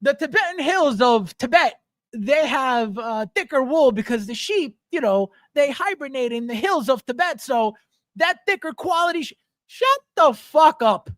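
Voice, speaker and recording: A man with a very high, fairly bright voice talks at a normal pace with lively intonation, recorded in studio quality with no room sound. Hosting a livestream, he reads viewer chat aloud and answers it in a blunt, profanity-heavy casual rant.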